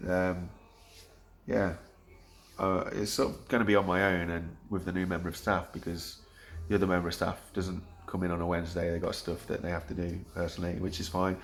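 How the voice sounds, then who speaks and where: A vlogger in his thirties speaks in a low, level voice at a brisk pace. His earnest, rambling monologue keeps restarting, and he is getting choked up.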